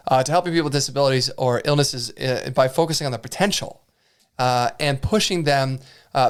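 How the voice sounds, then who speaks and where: A man's voice: medium pitch, smooth. A man co-hosting a casual podcast chat, enthusiastic and filling his talk with "uh" and "y'all". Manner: enthusiastic, says "y'all" and "uh" often. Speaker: podcast co-host.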